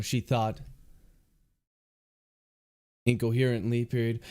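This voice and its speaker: A man's voice: medium pitch, level tone, moderate pace, pauses often, warm tone, smooth. An author reading his novel aloud on a livestream, speaking each comma and period as he dictates. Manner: reads out punctuation marks word by word.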